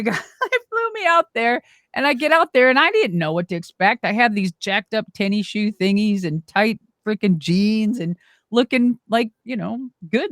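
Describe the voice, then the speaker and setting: A middle-aged woman telling stories in an interview in a lively, rambling way, acting out the voices she quotes and swearing casually. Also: fairly high pitch, no room sound, clean studio sound. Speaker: guest, former wrestler and monster truck driver.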